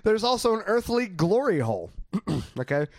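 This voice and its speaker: A man's voice: high-pitched, normal speed, very noisy. A man hosting a comedy show, teasing his co-hosts in playful banter. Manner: playful, teasing, lively delivery.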